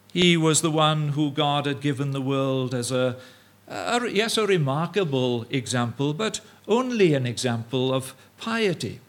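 A man preaches an evening sermon in a voice on the higher side for a man. He speaks haltingly, full of fillers and restarts, and mimics the views he argues against in quoted asides. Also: fairly bright tone.

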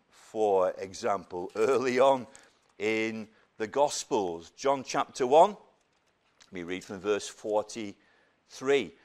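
A man from the north of England preaching a sermon, slow and emphatic, moving between raised emphasis and soft, hushed passages. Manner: slow and emphatic, lively swings of pitch and loudness, dropping to soft near-whispers.

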